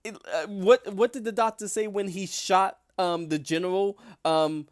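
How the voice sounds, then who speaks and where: A man's voice: high voice, steady tone, normal speed. A man in a casual fan discussion, talking hesitantly with many fillers and restarts.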